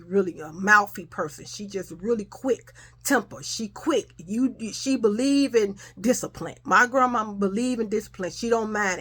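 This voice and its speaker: A woman's voice: mid-range voice, fairly bright tone. A middle-aged woman, telling a personal story in a casual chat and acting out the voices. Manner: chatty, addresses listeners as y'all, acts out quotes.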